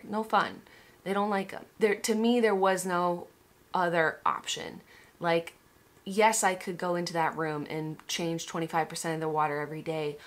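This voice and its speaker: A woman's voice: on the low side, fairly bright tone. A young woman vlogger telling a personal story candidly, swearing and restarting often. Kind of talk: emotional personal story vlog.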